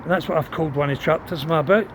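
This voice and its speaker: A man's voice: on the high side, racing, low-quality recording. A middle-aged Scottish man telling rambling, sweary stories from his past as he walks through town, recorded on his phone. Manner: rambling, sweary, chatty storytelling. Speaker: vlogger. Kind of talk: walk-and-talk storytelling. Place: outdoors on a town street. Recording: loud street traffic behind.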